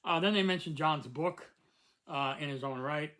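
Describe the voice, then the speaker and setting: An older American man hosting a casual review talk. He rambles along with plenty of ums and restarts, his voice sitting a little high for a man. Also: moderate pace, fairly bright tone, rough recording. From United States. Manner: rambling, many fillers and restarts. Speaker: host.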